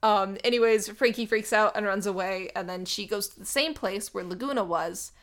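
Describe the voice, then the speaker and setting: A young woman casually retelling a movie plot, chatty and animated, full of "like.". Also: medium pitch, normal speed. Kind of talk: casual movie recap chat.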